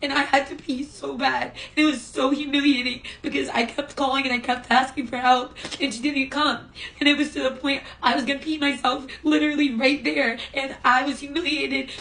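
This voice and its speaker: A woman's voice: high voice, fairly bright tone, far from the mic, slight background noise, low-quality recording. A woman vlogging from her hospital room, telling an upset story about a nurse. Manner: upset, venting. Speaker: hospital patient. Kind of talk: casual storytime vlog.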